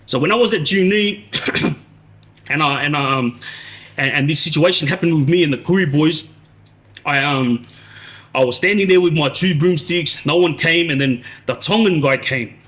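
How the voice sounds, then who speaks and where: Man in his forties, live-stream storyteller, rambly, a touch high-pitched. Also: moderate pace, pauses often, a bit bright. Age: 40s. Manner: rambling, restarts, frequent tag "yeah?". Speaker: live streamer recounting prison life.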